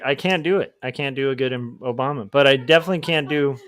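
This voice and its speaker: A man's voice: medium pitch, quick pace, fairly bright tone, clear, resonant tone, no room sound, clean studio sound. A man hosting a livestream as a comic artist, chatting casually in a rambling, self-deprecating way.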